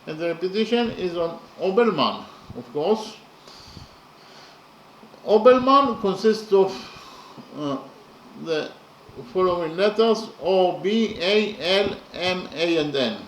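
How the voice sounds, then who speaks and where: A man explaining verse slowly and methodically, counting syllables and letters aloud with many pauses. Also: sits high, animated, echoey room, a little hiss or hum, poor audio. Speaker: poetry lecturer. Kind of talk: methodical spoken analysis of verse.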